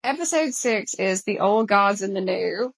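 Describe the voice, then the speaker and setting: A woman's voice: medium pitch, animated, unhurried, vocal fry, poor audio. Emotional Southern woman podcast host. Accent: Southern American. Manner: emotional, quotes lines with feeling. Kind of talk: casual chat.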